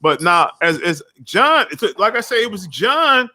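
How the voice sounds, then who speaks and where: A man's voice: high voice, very animated, normal speed, bright, forceful tone. A man chatting casually as a guest creator, talking emphatically with lots of profanity, repeating himself and restarting his sentences. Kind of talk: casual chat.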